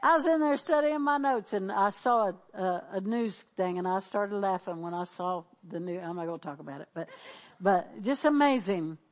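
A woman's voice: mid-range voice, moderate pace. A middle-aged woman pastor preaching, exhorting the congregation with call-and-response and repeated declarations. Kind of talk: sermon.

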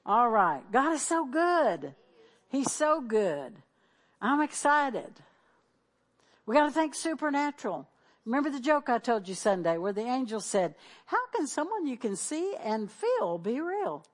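A woman's voice: sits high, very animated, measured pace. A middle-aged woman pastor preaching, exhorting the congregation with call-and-response and repeated declarations. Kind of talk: sermon.

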